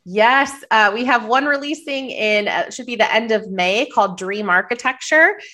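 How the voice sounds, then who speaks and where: A woman's voice: on the high side, normal speed, pushed and bright. Minnesota woman on a podcast, slight cold, earnest encouraging advice, lots of little restarts. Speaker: podcast guest. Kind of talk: casual interview answers.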